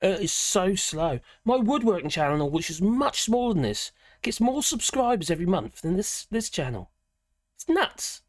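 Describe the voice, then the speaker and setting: A woman's voice: mid-range voice, big pitch swings, normal speed, a little mellow, dry recording, clean studio sound. A woman hosting a livestream, chatting casually and rambling as she reads out viewer comments, often breaking off mid-sentence and laughing. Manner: rambling, chatty, self-interrupting with frequent laughs. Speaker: livestream host. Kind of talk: casual live chat reading viewer comments.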